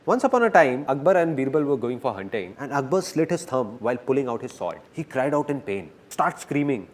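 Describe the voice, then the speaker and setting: A man addresses a seminar audience in a dubbed motivational talk, animated and playful throughout. His pitch is medium and his pace brisk.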